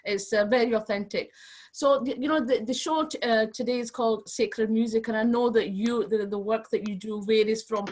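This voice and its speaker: A woman hosting an interview, effusive in her praise and halting, with many restarts. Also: a little high, steady tone, a little mellow. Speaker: show host, interviewer.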